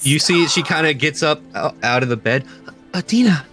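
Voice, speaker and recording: A man narrating a tabletop game as game master, halting and full of fillers as he describes scenes. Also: a little high, loud music behind the voice. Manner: halting, many fillers, slips into character voices.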